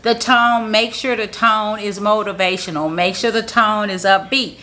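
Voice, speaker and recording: Upbeat, bright-voiced woman teaching marketing. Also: mid-range voice, fairly even intonation, normal speed. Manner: upbeat, positive, motivational; repeats points in plain, encouraging teaching talk. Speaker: marketing strategist. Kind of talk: casual how-to tutorial to camera.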